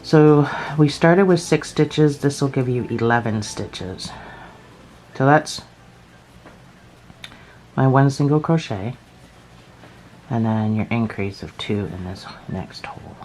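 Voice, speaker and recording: A Scottish woman explaining crochet steps in a relaxed, chatty way, thinking aloud and joking at her own expense. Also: a bass voice, takes it slowly, long pauses, a little hiss or hum, low-quality recording. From Scotland. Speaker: crochet teacher. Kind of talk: casual step-by-step craft tutorial.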